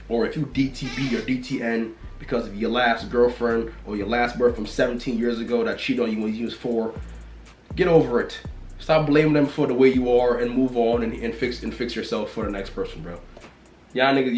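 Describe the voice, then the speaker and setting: A man in a casual rant to camera, talking bluntly and repetitively, swinging from loud exclamations to low mutters. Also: fairly even intonation, normal speed, echoey room, faint music behind. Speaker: vlogger.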